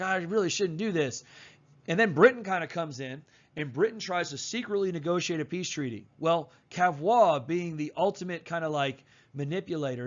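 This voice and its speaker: A male history teacher walks through a lesson in a loose, conversational way, full of slang and fillers. His voice sits a little high, and the recording sounds dull and lo-fi. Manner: casual and chatty, with slang and fillers. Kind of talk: casual recorded lecture.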